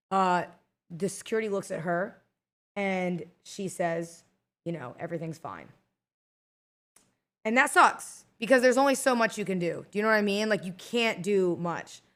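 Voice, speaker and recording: A young adult woman streamer telling a heated story to her chat in a casual, swearing, animated way. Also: lowish voice, moderate pace.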